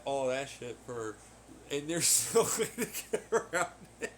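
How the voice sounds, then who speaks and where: A man hosting a podcast in a rambling, casual monologue, swearing freely, laughing often and getting loud when excited. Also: high voice, a little slow, slight background noise. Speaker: podcast host. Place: at home on laundry day.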